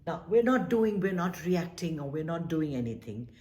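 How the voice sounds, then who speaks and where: A woman with a low voice leads a meditation class, her delivery swinging widely as she coaxes listeners toward calm. She talks earnestly and slips into little acted-out quotes. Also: normal speed. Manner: earnest, gently coaxing, acts out little quoted exchanges. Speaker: meditation teacher.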